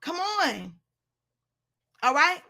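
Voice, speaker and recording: A woman's voice: very high voice, sing-song, drawn-out words, vocal fry, bright, forceful tone. A woman giving a blunt, preachy motivational talk on a live stream, speaking straight to her listeners as sis and y'all.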